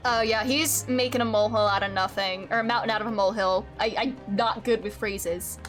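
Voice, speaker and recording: A woman's voice: fairly high pitch, quick pace, hardly any pauses, a bit bright. A woman streaming a video game, chatting casually, laughing often and swearing freely. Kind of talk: casual gameplay commentary. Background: faint game music.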